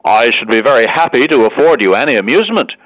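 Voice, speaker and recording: A man reading aloud and voicing a dignified older gentleman who speaks sternly, firmly and with emphasis. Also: mid-range voice, lively intonation, fast talker, no room sound, lightly acted. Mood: polite. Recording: tinny dry radio broadcast.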